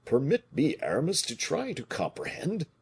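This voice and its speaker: A man reading an audiobook voices a blustering giant soldier who talks loudly and excitably. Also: fairly high pitch, moderate pace, creaky, husky, pitched above the performer's own voice, heavily acted. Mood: timid. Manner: loud and excitable, exclaiming.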